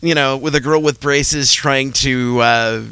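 A man's voice: mid-range voice, steady tone, unhurried, pushed and bright, clear, resonant tone, no room sound. A man hosting a casual chat who tells funny stories and laughs often. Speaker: podcast co-host.

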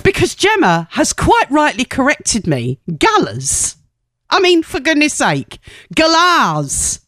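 A woman's voice: high voice, wildly swooping pitch, moderate pace, faint music behind. A woman presenting on the radio in a chatty, rambling way, correcting herself and laughing at her own slips.

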